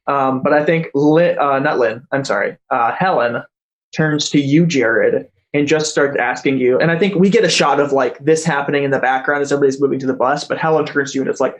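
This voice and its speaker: A man's voice: mid-range voice, fairly quick. A man narrating as game master, hesitant and correcting himself as he goes. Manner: hesitant, many fillers and self-corrections.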